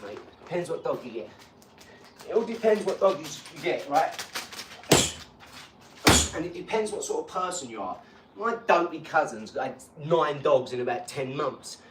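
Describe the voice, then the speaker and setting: A man talking in a casual live chat, rambling and boastful, breaking into animated rants. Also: on the high side, a little fast. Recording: echoey room, far from mic, faint hum.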